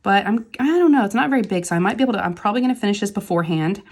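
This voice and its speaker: A woman's voice: medium pitch, animated, racing. A woman, a mother, chatting casually and rambling as she works on a craft project, laughing easily between thoughts. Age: adult with kids. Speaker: crafting channel host. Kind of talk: casual chat while diamond painting.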